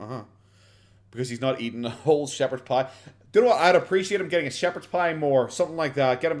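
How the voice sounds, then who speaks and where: Sweary, rambling Irish man streaming. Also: mid-range voice. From Ireland. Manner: sarcastic, swears freely, rambling with many fillers. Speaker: streamer reacting to videos. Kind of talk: casual live-stream commentary.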